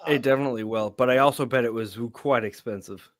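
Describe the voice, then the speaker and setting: A man's voice: mid-range voice, fast talker, no room sound. A man co-hosting a movie podcast in casual chat, with dry sarcastic humor. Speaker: podcast co-host.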